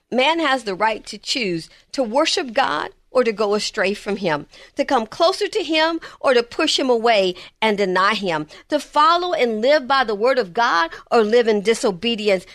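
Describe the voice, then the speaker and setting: A woman preaching a sermon, swinging between emphatic lines and hushed, slow ones. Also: sits high, no echo, studio quality.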